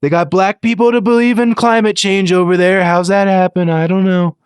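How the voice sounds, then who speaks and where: Laughing young man, smooth dry voice. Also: high-pitched, fairly even intonation, moderate pace, no echo. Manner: laughing, mocking impressions. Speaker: podcast co-host. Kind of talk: casual chat.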